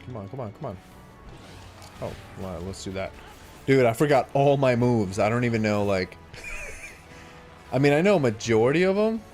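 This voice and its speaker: Casual young guy streaming a game, mid-range voice, talks through his play with quick reactions over quiet music. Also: medium pitch, animated. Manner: chatty, easygoing, reacts aloud to gameplay. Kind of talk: casual live-stream chat while gaming.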